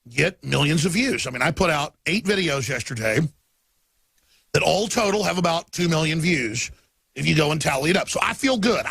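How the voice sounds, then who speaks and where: A man hosting a talk radio show, ranting through an emphatic monologue in a slightly high, gravelly voice. He stacks up long lists of figures and lurches from quiet intensity to angry bursts. His husky tone sits dry and close in a studio. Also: no room sound. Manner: swings between quiet intensity and angry outbursts.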